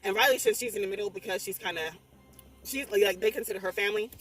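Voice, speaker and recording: A young adult woman recapping a horror movie in a casual, rambling way, animated and swearing constantly as she exclaims through the story. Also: medium pitch, fast talker, recorded from a distance. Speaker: movie reviewer. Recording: voice a bit off-mic, faint music behind.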